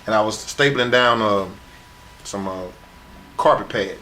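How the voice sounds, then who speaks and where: A retired wrestler, now middle-aged, sits for an interview and tells brash, profane stories from his wrestling days, acting out what other people said, in a shoot-interview style. His voice is on the low side, unhurried, pushed and bright, with slight background noise.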